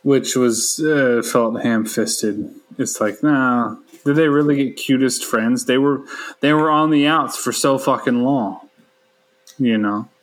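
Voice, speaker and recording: Halting man in casual review chat. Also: mid-range voice, low-quality recording. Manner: halting, hesitant. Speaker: podcast co-host.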